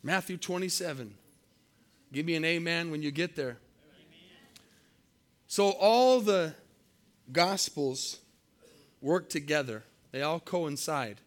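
A man's voice: fairly high pitch, lively intonation, slow pace, pauses often. A male pastor preaching a sermon to his church, calling for amens and building to emphatic peaks. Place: church service.

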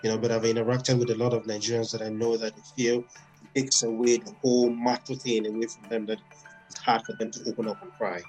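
Male therapist guest, thoughtful, halting delivery, mid pitch. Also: level tone, darkish tone, soft background music, rough recording. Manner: reflective, halting with many fillers. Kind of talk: casual interview.

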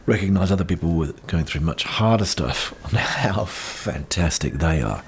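Middle-aged Kiwi man, heartfelt and encouraging, very low voice, recorded outdoors. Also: animated, moderate pace. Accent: New Zealand. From New Zealand. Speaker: podcast host sharing personal experience. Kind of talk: reflective personal monologue. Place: outdoors in wind. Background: faint wind.

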